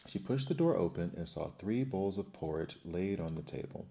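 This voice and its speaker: A man narrating a children's fairy tale in an expressive, measured storytelling manner. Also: low-pitched, vocal fry.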